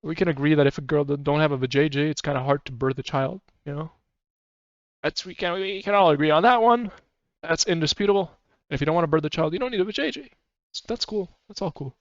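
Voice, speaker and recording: A man's voice: fairly high pitch, quick pace, dry recording. A man streaming, chatting casually and rambling with frequent swearing and laughter. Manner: rambling and profane, laughs often. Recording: slightly muffled dry mic.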